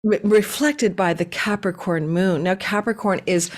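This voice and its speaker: A woman hosting her own astrology channel, talking straight to viewers in a lively way, running through lists and leaning hard on key words. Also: mid-range voice, measured pace. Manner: enthusiastic, tumbling lists with sudden stresses. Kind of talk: casual monologue to viewers.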